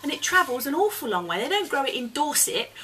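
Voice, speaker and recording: A woman's voice: high voice, sing-song, fast, pushed and bright, slight background noise, poor audio. A woman guest chatting earnestly as an eco campaigner, laughing often, recorded at a home dining table. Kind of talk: casual chat. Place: home dining room, indoors.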